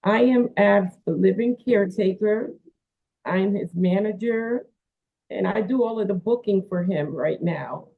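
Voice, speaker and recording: Over a phone-like line, a woman with a medium-pitched, gravelly voice speaks a little slowly. A wrestler's manager and caretaker, she rambles through a story full of fillers in a casual interview.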